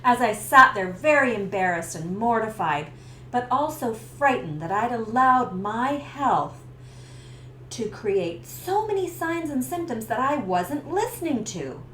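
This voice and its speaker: A woman's voice: a little high, measured pace. A middle-aged woman from Canada, a stress coach telling a personal story to camera and acting out the scenes. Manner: lively storyteller who acts out the scenes. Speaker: stress coach and business owner. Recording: roomy echo with faint background hiss.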